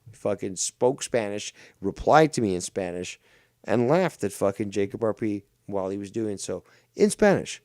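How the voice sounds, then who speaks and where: A man's voice: on the low side, animated, moderate pace, darkish tone, no room sound, studio quality. A man from Ontario, hosting a ranting commentary show with a mocking, profane, insulting manner. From Ontario, Canada.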